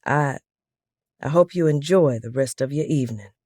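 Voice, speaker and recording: A woman voicing an eager middle-aged man who talks loud and fast and pleads in a rambling way. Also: medium pitch, no room sound, clean studio sound, close to an everyday voice. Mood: subdued.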